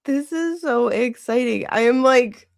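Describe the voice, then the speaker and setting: A woman hosting a casual livestream, gushing and excitable, gasping and laughing often. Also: fairly high pitch, a little slow, gravelly, no echo, clean studio sound. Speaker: livestream host.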